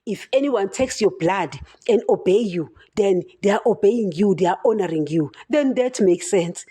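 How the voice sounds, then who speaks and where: Impassioned woman preaching, mellow voice. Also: mid-range voice, expressive, moderate pace, slightly rough. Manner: impassioned, emphatic, keeps addressing listeners as "guys". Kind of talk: podcast sermon.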